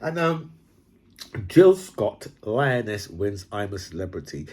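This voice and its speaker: A man's voice: lowish voice, big pitch swings, takes it slowly, a little mellow. A man ranting casually in a rambling monologue, swearing and tagging his points with "right?".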